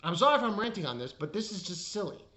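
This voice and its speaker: A woman's voice: medium pitch, sing-song, quick pace, fairly bright tone. An exasperated woman tears into an anime episode in a casual spoken review. Her voice leaps up and down as she vents, swearing freely and sounding fed up.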